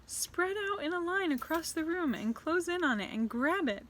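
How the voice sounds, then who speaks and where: A screeching, high-pitched storybook witch queen barks orders at her followers, put on by a woman reading aloud. She is loud and cruel, her voice pushed well above a normal speaking pitch. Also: lively intonation, normal speed, slight background noise. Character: shrill commanding female Grand High Witch.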